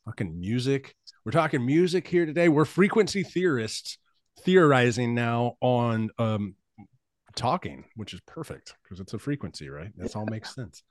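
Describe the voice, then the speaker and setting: A male podcast host who tells loose, rambling stories and swears freely, at a middling pitch. His voice is dry and close to the mic. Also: animated, normal speed, no room sound. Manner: rambling storyteller, swears freely, laughs often. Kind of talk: casual podcast chat.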